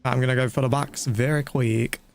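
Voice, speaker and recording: Male streamer, mid-pitched, casual rambling commentary with a soft ambient hiss. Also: fairly even intonation. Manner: chatty, rambling, quick exclamations. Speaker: gaming streamer.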